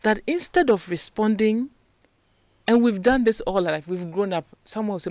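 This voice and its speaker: A woman's voice: medium pitch, normal speed, darkish tone, no echo. A woman, a guest strategist on a radio interview, explaining ideas in a teaching way and posing rhetorical questions. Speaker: leadership and communication strategist, guest. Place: radio studio.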